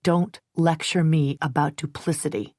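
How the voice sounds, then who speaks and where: A woman's voice: low-pitched, moderate pace, no room sound, studio quality, lightly acted. A woman doing a blunt, hot-tempered man. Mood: angry, heated. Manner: blunt, forceful, sometimes scornful. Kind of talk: audiobook character reading.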